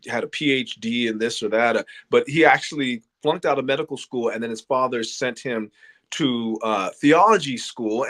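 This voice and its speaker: A man's voice: medium pitch, a bit bright. A man presenting a lecture series in an informal spoken style, earnest and plainspoken. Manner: earnest and plainspoken, insisting on facts.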